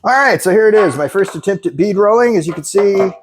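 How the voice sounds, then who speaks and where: A man casually talking through his truck build in a workshop, relaxed and thinking aloud as he works. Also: sits high, fast talker, background noise. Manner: relaxed and hands-on, thinking aloud while working. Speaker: car builder and channel host. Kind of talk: casual shop talk explaining a build.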